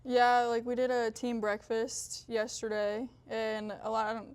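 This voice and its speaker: A young woman from Iowa, a college volleyball player, giving brief soft-spoken interview answers with lots of "like". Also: on the high side, flat delivery, a little slow. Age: young adult.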